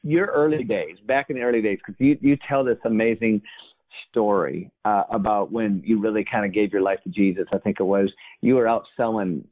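Low-voiced man hosting a chat. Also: brisk. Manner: warm, encouraging interjections. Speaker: podcast host. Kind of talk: casual interview chat. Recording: tinny phone-like line.

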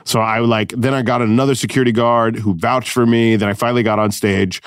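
A man in his thirties hosting a comedy podcast, telling a story in a lively, profane, filler-heavy way and laughing often. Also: mid-range voice, fairly quick, smooth, no room sound, studio quality. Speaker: podcast host.

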